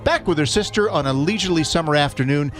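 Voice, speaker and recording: Lively storytelling male radio host. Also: a little high, faint music behind. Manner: measured storytelling, pausing for sound effects. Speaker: radio morning show host. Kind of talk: reading a storybook summary aloud on air. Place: radio studio.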